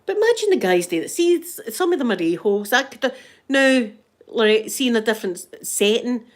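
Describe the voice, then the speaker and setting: A woman's voice: a little high, animated, fairly quick. Chatty Scottish woman telling stories. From Scotland. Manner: chatty storytelling with frequent restarts and laughs. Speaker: livestream host. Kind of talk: casual chat reading live comments.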